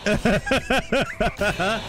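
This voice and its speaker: Over game music and gunfire, a man playing a shooter laughs frequently as he casually talks with his live chat. His voice sits high, he draws out his words, and the audio is very noisy.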